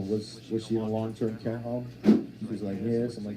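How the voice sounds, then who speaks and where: A man performing a stand-up comedy set, telling stories in a dry, deadpan way and acting out quotes. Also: mid-range voice, brisk, very noisy. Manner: deadpan storytelling with acted-out quotes. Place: comedy stage with a laughing audience. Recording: live audience laughter.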